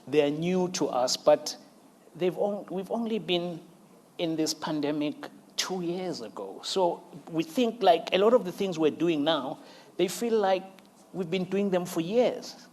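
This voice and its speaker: A man hosting a conversational interview, telling lively stories and laughing often as he acts out quotes. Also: high voice, measured pace, a little hiss or hum. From South Africa. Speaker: interview host.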